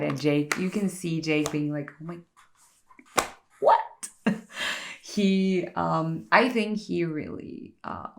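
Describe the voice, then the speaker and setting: A woman vlogger chatting casually while getting ready, chatty and animated, with lots of "like" fillers. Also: deep voice, gravelly, a little hiss or hum. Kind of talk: casual get-ready-with-me chat.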